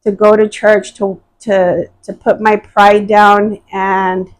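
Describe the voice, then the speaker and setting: Slow and flat, a medium-pitched woman recounts her personal testimony on a podcast, earnest and hesitant with frequent fillers and restarts. The recording quality is rough.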